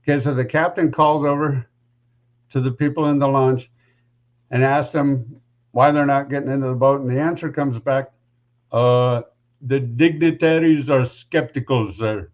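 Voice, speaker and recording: A man's voice: medium pitch, little pitch movement, normal speed, dull audio. Man telling a story, rambling and casual. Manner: rambling, conversational, lots of asides.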